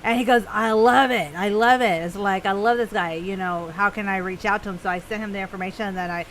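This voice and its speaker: A woman's voice: mid-range voice, fairly even intonation, fast, fairly bright tone, slight background noise, low-quality recording. A woman co-hosting a radio show, chatting casually and eagerly retelling conversations.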